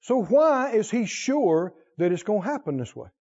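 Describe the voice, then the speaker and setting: A man's voice: high voice, big pitch swings, normal speed, darkish tone, husky, highs cut off. A male preacher delivering a sermon, talking with animation, questioning the crowd and laughing now and then.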